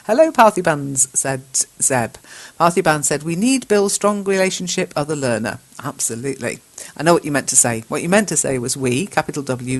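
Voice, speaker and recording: Low-voiced woman correcting chat. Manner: patient, spells words out slowly, chuckles often. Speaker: English teacher hosting a live chat show. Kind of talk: reading and correcting chat messages.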